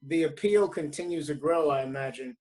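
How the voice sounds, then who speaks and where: A man's voice: a little high, brisk, warm tone. A man who is a guest comedian on a podcast, chatting casually and hesitantly with fillers. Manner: hesitant, full of fillers and restarts. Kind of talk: casual chat.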